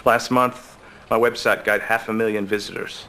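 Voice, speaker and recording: A hapless shy store clerk. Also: male voice, lowish voice, flat delivery, normal speed, bright, forceful tone, slight background noise. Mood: glum. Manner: mild, self-deprecating, hesitant. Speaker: client. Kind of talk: sitcom acting.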